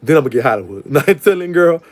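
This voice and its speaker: Fast-talking sassy New man. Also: fairly high pitch, animated. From New Orleans, USA. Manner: sassy and playful, laughs often, calls people girl and baby. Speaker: call-in show host. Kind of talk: casual live call-in chat.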